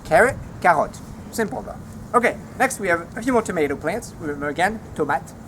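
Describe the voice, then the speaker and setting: A man walking through a home vegetable garden outdoors, naming plants and teaching their French words in a relaxed, chatty way. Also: sits high, quick pace, a little hiss or hum. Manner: relaxed, chatty, easily enthused. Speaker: language teacher giving a garden tour.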